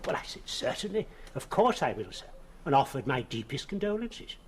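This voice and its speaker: A man's voice: mid-range voice, big pitch swings, slight background noise, close to an everyday voice. A man playing a fussy, deferential undertaker. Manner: hesitant, deferential, halting. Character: fussy polite male undertaker. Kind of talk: 1970s television police drama.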